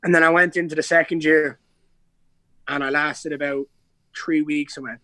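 A man's voice: a little high, fairly even intonation, normal speed, sharp tone, no echo. A young Irish man in a casual podcast interview, telling stories in a rambling way with many restarts and slang. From Ireland. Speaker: guest, pro MMA fighter.

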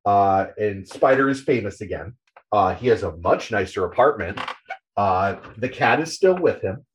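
A man's voice: on the low side, expressive, normal speed, slight background noise. A man hosting a podcast, casually recapping a comic in a loose, profane way.

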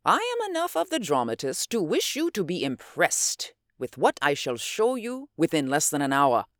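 A reader voicing a huge, excitable German scientist with a German accent and emphatic outbursts. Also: mid-range voice, moderate pace, no room sound, clean studio sound. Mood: grandly confident. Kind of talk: audiobook character voice.

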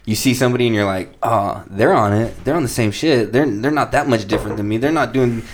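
A man's voice: mid-range voice, fast talker. A man hosting a casual chat, a rapper who tells rambling, profane stories. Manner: rambling, profane, animated storytelling.

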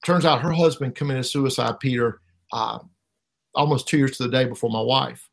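A middle-aged man giving an emotional personal testimony as an interview guest, halting and repeating words, his voice rising sharply at painful moments. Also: medium pitch, steady tone, creaky. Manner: halting, repeats words, voice rises sharply when reliving pain.

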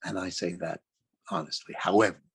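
A man's voice: lowish voice, lively intonation, unhurried, breathy edge. An older man from California telling a long, rambling story in a chatty, self-correcting way. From California, USA. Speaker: storyteller recounting his career. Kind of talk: anecdotal storytelling.

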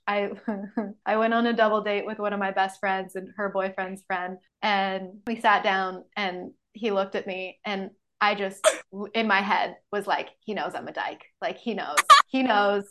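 A woman's voice: medium pitch, flat delivery, a little slow, a bit bright. A young adult woman hosting a podcast, telling stories candidly and animatedly in casual conversation, swearing freely. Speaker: podcast host.

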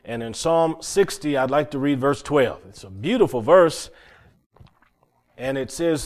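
Man preaching, earnest testimony, halting repeats, mid pitch. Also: animated. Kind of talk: sermon testimony.

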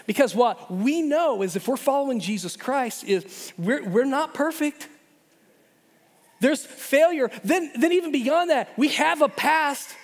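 A middle-aged man preaching a sermon in an animated way, often repeating words and restarting. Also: very high voice. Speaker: pastor. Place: church hall. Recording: long hall reverb.

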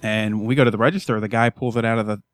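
A man's voice: fairly low pitch, fast, no room sound. Wry, cursing male podcast co-host. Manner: wry, deadpan storytelling with cursing. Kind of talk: casual profane chat.

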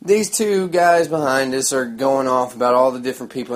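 A man's voice: medium pitch, normal speed, hardly any pauses. A man, telling a rambling story in a sarcastic, crude, mocking way. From Oklahoma. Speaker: vlogger.

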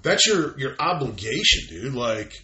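Brief: lively, profane man in casual talk, bright tone, roomy sound. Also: mid-range voice, unhurried. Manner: animated, profane, acts out quoted voices. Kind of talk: casual conversation.

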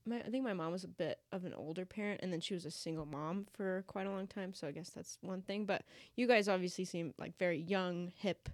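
A woman guest in a casual chat, chatty and quick to laugh. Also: on the low side, darkish tone, no room sound, studio quality.

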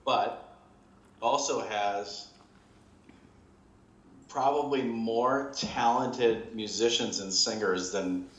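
A man's voice: mid-range voice, drawn-out words, long pauses, fairly bright tone, roomy sound. A middle-aged man interviewing a guest on a podcast in a genial, joking way. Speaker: interviewer, radio veteran.

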